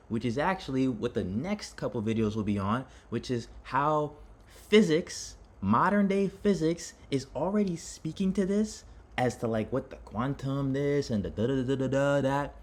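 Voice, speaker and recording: A self-improvement vlogger with a mid-range voice, speaking at normal speed, delivers an impassioned personal monologue. He rambles dramatically, restarting sentences and talking straight to his viewers.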